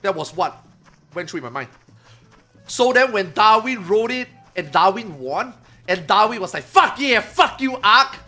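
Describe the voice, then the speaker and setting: Animated male streamer with bright tone. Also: sits high, normal speed, long pauses, faint music behind. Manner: animated retelling, acts out quotes loudly, swears, laughs. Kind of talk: casual storytelling to chat.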